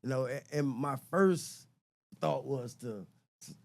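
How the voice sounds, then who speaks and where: A middle-aged man, a guest on a podcast, talks casually and reflectively, often repeating words while searching for the right one. He speaks slowly in a mid-range, darkish voice with vocal fry.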